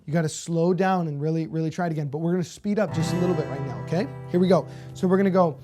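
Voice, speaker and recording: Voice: mid-range voice, fairly even intonation, quick pace. A guitar teacher giving a beginner lesson, counting beats aloud and cheering students on with frequent "okay?" checks. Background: acoustic guitar strumming.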